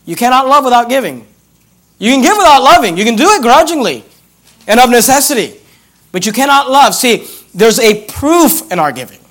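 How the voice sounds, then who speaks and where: A man preaching a sermon as pastor, reading scripture aloud and driving points home by repeating key phrases and stretching verses out slowly. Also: very high voice, big pitch swings, a bit bright.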